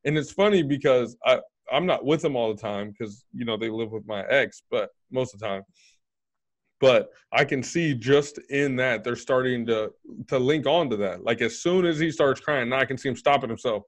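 A man in his thirties hosting a casual chat, blunt and freely swearing, getting animated when retelling stories. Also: mid-range voice, normal speed. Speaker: podcast host.

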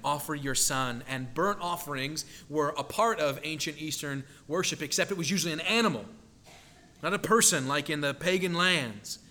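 Guy preaching a sermon, kinda high bright voice, leans hard into the big lines. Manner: earnest, emphatic, rising to dramatic quotes.

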